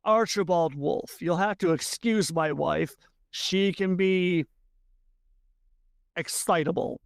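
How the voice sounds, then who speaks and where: Woman voicing a flustered husband guy, apologizing, slow and dry. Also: lowish voice, creaky, no echo. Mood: apologetic.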